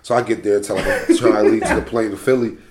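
A young man, telling a profane, animated story in casual slang. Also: on the low side, quick pace, a loud crowd. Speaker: storyteller in podcast chat. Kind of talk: casual chat. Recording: roomy echo.

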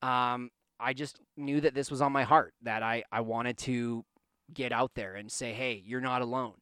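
A man in the middle of pitch talks on his own podcast, hiccuping and coughing now and then. His voice is smooth and resonant, and the room sounds dry. He rambles earnestly and restarts his sentences often. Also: flat delivery, unhurried, sharp tone, no echo. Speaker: podcast host. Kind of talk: casual solo podcast monologue. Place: home basement studio.

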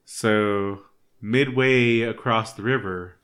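A man in casual conversation, telling animal stories with animated gestures and quoted lines. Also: on the low side, slow. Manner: animated anecdote teller. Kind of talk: casual chat.

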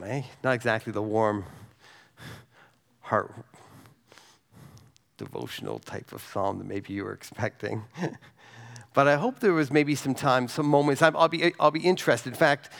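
A man preaching a sermon, reading scripture slowly and softly, then talking conversationally and asking the congregation questions. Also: medium pitch, creaky.

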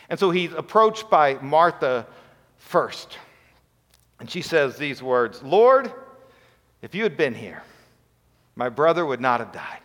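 A middle-aged male pastor preaching an emotional sermon, with a voice pitched somewhat high for a man. He often drops to a hushed, near-whispered delivery. The sound rings out with the long reverb of a church sanctuary. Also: animated, unhurried.

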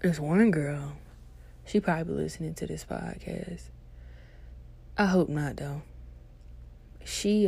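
A young woman hosting a podcast tells a funny story in casual, slangy, profane chat, laughing and animated throughout. Her voice is low-pitched with vocal fry.

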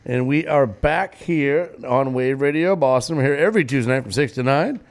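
A man's voice: mid-range voice, normal speed. A man hosting a local radio show from a studio mic, chatting casually and joking with laughter. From New England. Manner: jokey, animated, laughs often.

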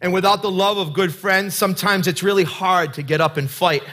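A male pastor preaching with a high, bright voice that has a husky edge. He talks in an earnest, conversational way and turns often to the congregation with direct questions. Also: steady tone, fairly quick. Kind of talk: sermon.

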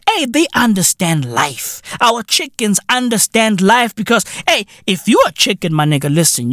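A man's voice: high voice, a bit bright, no echo, clean studio sound. A man with a South African accent hosting a podcast in a comedic rant, profane and repetitive with lots of slang. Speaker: podcast host.

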